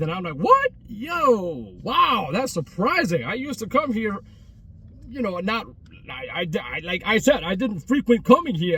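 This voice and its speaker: Bright, husky New man. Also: sits high, distant mic. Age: 30s. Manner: repetitive, full of restarts and street slang. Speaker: travel vlogger. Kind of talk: rambling casual chat. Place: outdoors by a closed restaurant at a mall.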